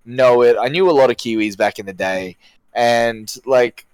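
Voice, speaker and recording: A man's voice: medium pitch, moderate pace, clean tone, dry recording. A man from Australia, chatting casually and animatedly, full of fillers like "like" and restarts. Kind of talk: casual chat.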